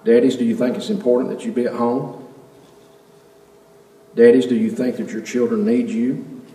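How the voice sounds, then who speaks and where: Male pastor, mid-pitched, earnest sermon delivery with rhetorical questions; roomy church sound, off-mic. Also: level tone, normal speed, warm tone. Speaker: preacher. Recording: echoey hall, mic at a distance.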